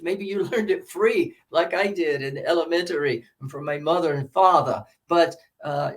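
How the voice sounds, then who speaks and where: A man's voice: fairly high pitch, moderate pace, few pauses. A man leading a workshop for English teachers, speaking into a microphone and animatedly modelling words. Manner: animated, demonstrative, drawing out words.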